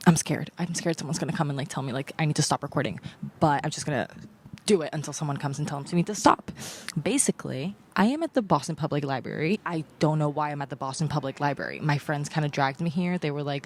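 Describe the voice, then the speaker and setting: A young woman with a low voice, chatting casually as a podcast host. She keeps her voice hushed and half-whispered, with a nervous edge, as she records in a library on a new microphone. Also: quick pace, slight background noise. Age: young adult. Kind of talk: casual chat. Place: public library, indoors.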